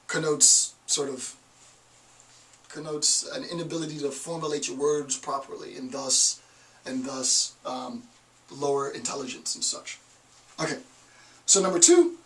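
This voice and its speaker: In a rough recording captured from a distance, a slightly high-voiced man with a Northeastern US accent lectures to a college class. He's emphatic and leans on rhetorical questions.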